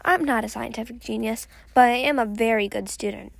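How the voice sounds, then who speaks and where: A woman reading a novel aloud in a steady first-person voice, with the odd small slip. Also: on the high side, fairly quick, creaky, no room sound. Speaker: reader.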